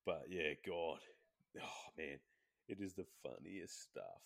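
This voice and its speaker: A man chatting casually on a podcast, telling animated stories and acting out quotes in high voices. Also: slow, gravelly. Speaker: podcast co-host. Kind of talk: casual gaming chat.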